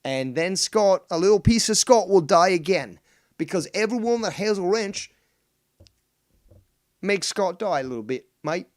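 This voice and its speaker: A man's voice: high voice, expressive, pitched above the performer's own voice. A man putting on a cheeky mock Australian and cockney bloke, mixing the accents badly. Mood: mock boastful. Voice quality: exaggerated mixed accents, drawn-out shouting.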